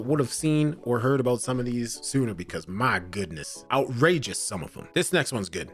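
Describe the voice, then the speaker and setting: A man hosting a video, reading news and reacting with casual, laughing commentary. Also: fairly high pitch. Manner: animated, laughing, casual slang. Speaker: host.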